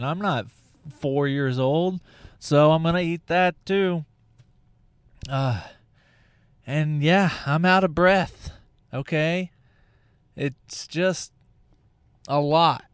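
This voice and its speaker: Slow, smooth-voiced rambling man. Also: a little high, dry recording, studio quality. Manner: rambling, profane, full of tangents and restarts. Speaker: podcast host. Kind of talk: casual comedic monologue.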